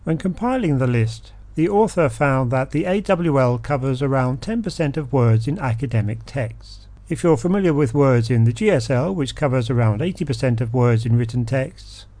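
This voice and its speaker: A man hosting an educational podcast, reading a scripted explanation and a word list in a measured, steady way. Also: mid-range voice, no room sound. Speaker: podcast host.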